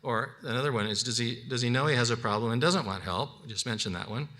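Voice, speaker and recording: A man's voice: medium pitch, bright, forceful tone. A man teaching a biblical counseling class in a conversational way, with frequent restarts, acting out the counseling conversations he describes. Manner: conversational, acts out counseling dialogues; halting restarts and repeated words. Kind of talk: unscripted teaching session.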